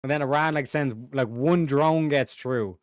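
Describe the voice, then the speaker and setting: A man's voice: on the high side, moderate pace, no room sound, studio quality. A man hosting a stream, reading out roast jokes and reacting in casual, profane commentary with bursts of laughter. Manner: profane, animated, laughs through roast lines. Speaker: streamer host.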